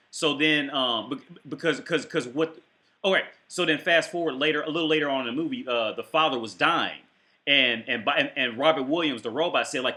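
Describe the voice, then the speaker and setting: A man's voice: mid-range voice, moderate pace, sharp tone. A man hosting his channel, reacting to a clip with a heated, rambling, profane rant full of restarts.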